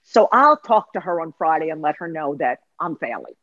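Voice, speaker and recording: A woman's voice: low-pitched, sing-song, a little fast, no echo, dull audio, voice pushed down. A woman doing a fretful avoider stalling. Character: anxious avoidant person stalling a talk.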